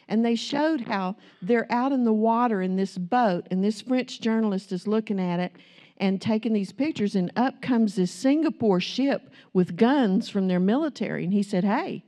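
A woman's voice: mid-range voice, moderate pace, dark tone. A woman preaching a sermon, telling a story that builds into impassioned, emphatic preaching.

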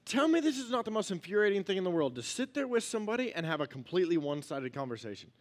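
A man's voice: high voice, sing-song, rapid-fire. A young man preaching a casual, joking sermon in a church, talking to his congregation like friends and acting out little quotes. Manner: joking, conversational, acts out quotes. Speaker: pastor.

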